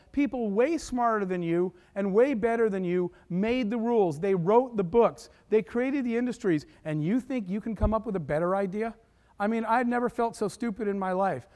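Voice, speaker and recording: A man with a high, light voice telling a personal story to a live audience. He is animated and acts out each person he quotes as he goes. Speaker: keynote speaker. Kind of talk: storytelling talk.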